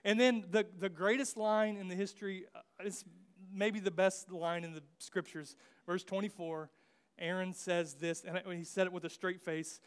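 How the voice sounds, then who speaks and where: Young male pastor, high voice, casual conversational sermon with comic asides. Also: normal speed, smooth. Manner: jokey, acts out biblical figures in slang asides.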